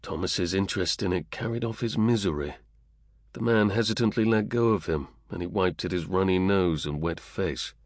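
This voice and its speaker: A man reads a novel aloud in a measured, even way. His voice sits on the low side, recorded close and dry with no room sound. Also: no room sound. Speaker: narrator. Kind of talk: audiobook narration.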